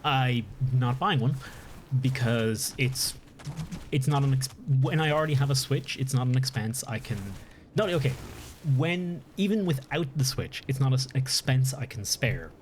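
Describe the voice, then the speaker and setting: An Irish man, mid-pitched, chats loosely through a live gaming stream. He wanders, stops mid-thought and corrects himself over and over, while a soft hiss sits underneath. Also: lively intonation, normal speed. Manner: rambling, restarts and corrects himself.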